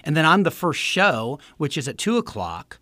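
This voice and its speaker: A man's voice: on the high side, moderate pace, dry recording. A man from Northern California, a comedian and impressionist, chatting in a radio studio interview and slipping into impressions. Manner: lively, slips into impressions.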